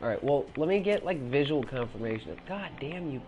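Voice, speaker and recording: A man's voice: mid-range voice, expressive, fairly quick, darkish tone, slight background noise. Jumpy, swearing young man gaming. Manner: swears a lot, shrieks when startled, jittery and talkative. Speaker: gaming video host. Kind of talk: casual gameplay commentary.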